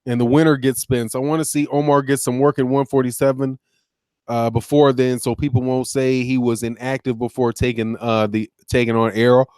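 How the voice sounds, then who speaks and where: A man's voice: medium pitch, level tone, fairly quick, darkish tone, smooth, no echo, clean studio sound. A man hosting a casual boxing talk stream, rambling conversationally, restarting sentences and reading out viewer comments. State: sleepy, yawning. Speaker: boxing channel host.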